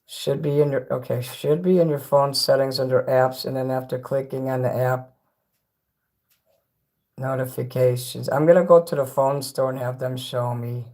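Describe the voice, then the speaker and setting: Recorded on a phone, a man rambles and swears while chatting casually with viewers on a livestream, speaking directly to his chat. His voice is medium in pitch, steady and darkish, at a moderate pace.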